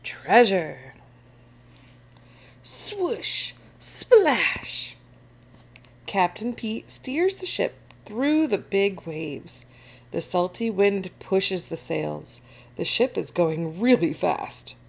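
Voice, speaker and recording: Slow, expressive woman reading a storybook. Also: lowish voice, gravelly. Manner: expressive, animated. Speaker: children's book reader. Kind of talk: storybook read-aloud.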